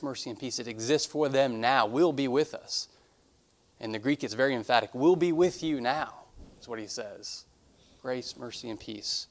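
A man's voice: medium pitch, vocal fry. A man preaching a sermon as a pastor in a church, earnest and emphatic, repeating key phrases. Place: church sanctuary.

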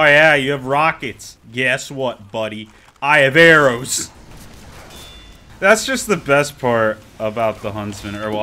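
A man's voice: mid-range voice, pushed and bright, a little hiss or hum. A man giving joking, exclaiming running commentary over his own gameplay. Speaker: gaming video creator.

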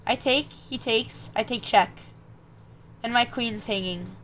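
A woman's voice: fairly high pitch, takes it slowly, a little hiss or hum. Young woman muttering chess moves. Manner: muttering calculations, then bursts of animated chat with viewers. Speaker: chess streamer. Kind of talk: thinking aloud while playing chess online.

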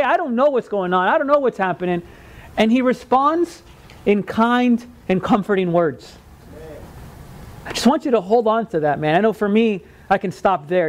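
A male pastor delivers a sermon in a conversational style, frequently asking "right?" and voicing quoted words in lively, animated tones. His voice sits high.

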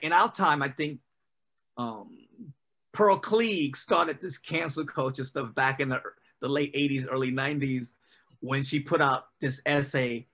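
Bright-voiced man chatting loosely. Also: a little high. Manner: loose and conversational, heavy on "you know". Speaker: poet and guest. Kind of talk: casual interview answers.

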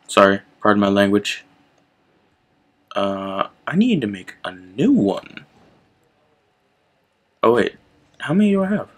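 A young man hosting his gaming channel, chatting casually and reacting out loud to the game as he plays. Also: lowish voice, sing-song, slow pace, long pauses. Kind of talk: casual gameplay commentary.

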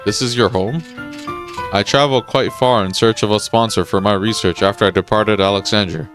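A man's voice: on the low side, steady tone, a little fast, a bit bright, lightly acted. A man voicing an elderly, kindly male scholar and tutor who speaks in a formal, courteous way, with faint game music behind him. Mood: welcoming.

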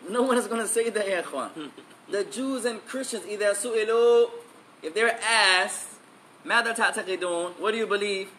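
A man's voice: high-pitched, fast, sharp tone, a little hiss or hum. A man giving an emphatic religious lesson, repeating key phrases and switching between English and Arabic. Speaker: Islamic teacher.

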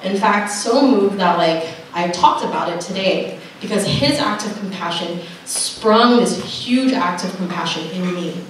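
A woman's voice: lowish voice, a little slow, few pauses. Young woman giving a heartfelt testimony from a stage, caught from far off in a reverberant hall. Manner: earnest storytelling with laughs and acted-out dialogue. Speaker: camp speaker. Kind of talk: personal testimony message. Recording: echoey hall from far off, noisy.

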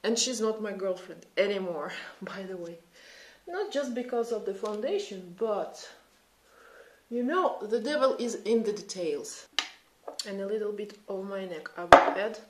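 Speaking at a moderate pace in a mid-range voice, a Russian-accented woman in her thirties chats through a makeup tutorial, thinking aloud in a casual way. She's a beauty vlogger, and the recording has an echoey room sound.

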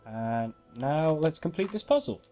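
A man's voice: fairly high pitch, big pitch swings, a little slow, a little mellow, soft background music. A man hosting a game walkthrough in casual gameplay commentary, chatty and self-mocking, laughing often.

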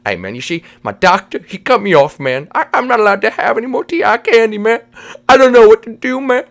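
A man's voice: high-pitched, lively intonation, fairly quick, creaky, voice pushed up. Dude doing a chill lego guy voice, says man all the time. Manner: drawling, says "man" every line. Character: laid-back dude Lego figure who says "man" constantly. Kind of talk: Minecraft role-play.

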